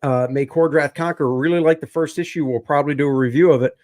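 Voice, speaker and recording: A man hosting a casual livestream, joking and pitching his comic bundle in an upbeat way. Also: steady tone, fast talker, darkish tone. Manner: joking, upbeat, lists items and plugs channels. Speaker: comic artist and show host.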